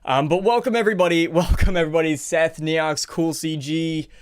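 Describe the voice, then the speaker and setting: A man's voice: a little high, steady tone, a little fast, smooth. A man casually chatting on a live stream, greeting viewers and rambling a little while he sets things up, slightly out of breath.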